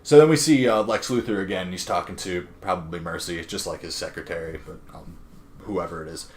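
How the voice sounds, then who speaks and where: A man's voice: deep voice, a little fast, slight background noise. Rambling young man recapping a comic. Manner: rambling, filler-heavy, acts out characters' lines. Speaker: comic book podcast host. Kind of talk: casual chat recapping a comic.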